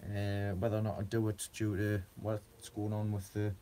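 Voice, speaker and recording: A man's voice: lowish voice, monotone, moderate pace, dark tone. A man chatting on a gardening live stream, rambling with lots of fillers and frequent giggles. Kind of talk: casual live stream chat.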